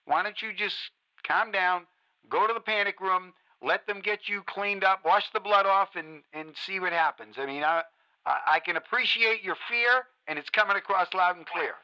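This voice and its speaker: A man's voice: high voice, moderate pace, sharp tone. An actor playing a male radio talk show host who speaks in a soothing, reassuring way with hesitant restarts. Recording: muffled radio broadcast.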